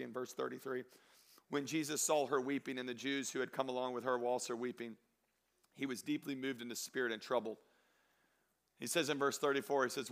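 A man preaching a sermon, moving between loud exhortation and quiet storytelling, drawing out key phrases slowly. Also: medium pitch, creaky. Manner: slows down and stretches phrases for emphasis. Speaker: pastor.

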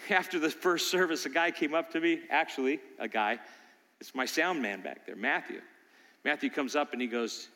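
An older man preaching a sermon as pastor, telling a story that builds to loud, animated bursts. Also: on the high side, normal speed. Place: church sanctuary. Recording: long church hall reverb.

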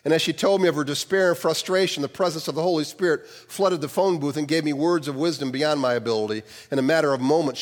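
A minister telling a first-person testimony in an animated way, acting out the dialogue. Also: male voice, medium pitch, long reverb tail.

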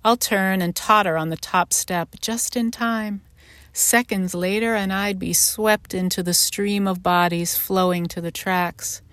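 A woman author gives a measured, intimate literary reading of her own short story. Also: mid-range voice, fairly even intonation, a bit bright, dry recording.

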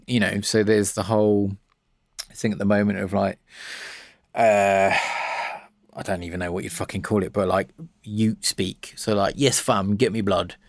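A man with a fairly low voice talks in a loose, rambling podcast chat, swearing casually as he gets excited about an idea. The sound is dry and close, with no room around it. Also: normal speed, creaky, long pauses, no room sound. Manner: rambling, swears freely, enthusiastic about words. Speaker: podcast guest, electronic music producer.

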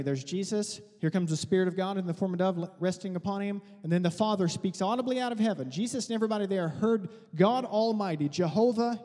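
A man pastor preaching a sermon in an animated, conversational way, with teasing asides to his congregation. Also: sits high, in a large hall.

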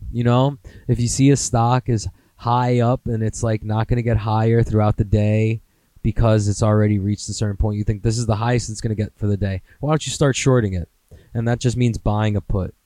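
A man's voice: lowish voice, dark tone, no echo, rough recording. Laid-back American man rambling on a podcast. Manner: rambling, profane, self-mocking. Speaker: podcast host. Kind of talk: casual solo podcast rambling.

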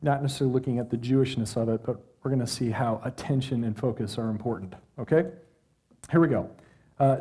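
A man preaching to a live audience, reading scripture and explaining it in a lively, conversational way with questions to the listeners. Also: mid-range voice, fast talker, husky. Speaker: pastor.

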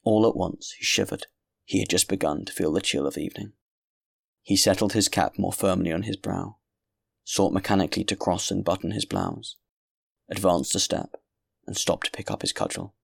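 A very deep, gravelly male voice reads a classic novel in a measured, grave way. The sound is dry and close, with no room around it. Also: lively intonation, no echo. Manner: measured, grave literary reading. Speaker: audiobook narrator. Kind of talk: scripted narration.

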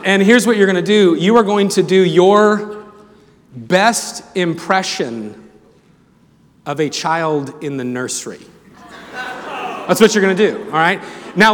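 Brief: high-pitched male chapel speaker, joking with a student crowd, long hall echo, crowd murmur. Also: a bit bright. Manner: playful, jokey, calls out to the crowd. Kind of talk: lively sermon intro with audience game. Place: large hall with student audience. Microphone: handheld mic. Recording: reverberant hall, crowd and noise.

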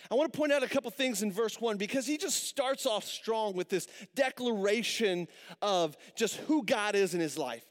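A man's voice: high voice, lively intonation, a little fast. A man in his thirties preaching a sermon as pastor, telling stories in a conversational way and asking the listeners questions. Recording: long reverb of a large hall.

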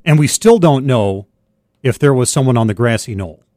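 A man's voice: medium pitch, animated, moderate pace, darkish tone, no echo, studio quality. A man co-hosting a radio show who jokes and teases in casual banter. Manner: teasing, wry. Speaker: radio co-host. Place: radio studio.

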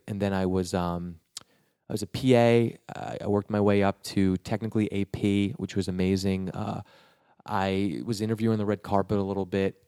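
Low-voiced man telling a rambling story. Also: darkish tone, no echo, clean studio sound. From New York. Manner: rambling, with many restarts, and acts out the quotes. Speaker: guest telling his career story. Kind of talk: casual storytelling.

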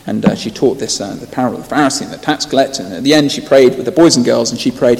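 A man preaching a sermon, telling stories earnestly and rising to loud emphasis. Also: mid-range voice, very fast, gravelly, few pauses, slight background noise. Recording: long hall reverb.

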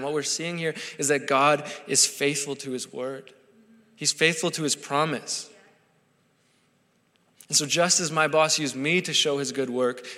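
A man's voice: medium pitch, pushed and bright. A man preaching a sermon in an earnest way, building to impassioned pleading. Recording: long hall reverb.

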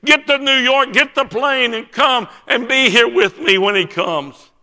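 A man voicing an excited older religious man who speaks broken English in a rush. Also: high-pitched, voice pushed up. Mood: awed, tearful. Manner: urgent, breathless, fast-talking. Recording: long church hall reverb.

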